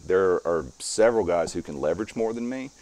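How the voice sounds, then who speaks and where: A man's voice: deep voice, lively intonation, brisk, darkish tone. A middle-aged strongman guest talking casually in an interview, explaining his methods step by step as he demonstrates.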